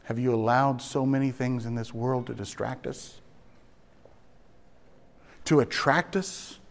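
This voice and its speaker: A man preaching a sermon. He swings from hushed, low phrases to loud, emphatic ones and stretches out key words slowly. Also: fairly even intonation, vocal fry. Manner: dramatic swings between soft and loud, slow emphatic phrasing. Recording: long reverb of a large hall.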